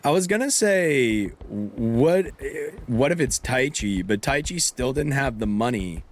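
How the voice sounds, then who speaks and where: A man's voice: mid-range voice, unhurried. A man streaming a game live, joking and commenting casually. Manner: joking, laughing, animated.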